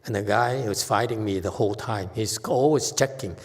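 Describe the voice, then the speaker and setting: A male Buddhist monk gives a lively, story-filled dharma talk and keeps repeating himself and checking with the listeners. His voice sits at an ordinary middle pitch. A long reverb from the temple hall trails after his words. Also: moderate pace, few pauses. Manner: animated, repetitive, keeps asking "okay?". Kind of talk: dharma lecture, anecdotal storytelling.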